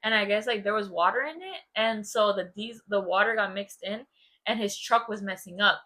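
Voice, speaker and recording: A young woman co-hosting a podcast, chatting casually and telling family stories with quick asides. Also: mid-range voice, sharp tone. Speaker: podcast co-host. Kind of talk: casual chat.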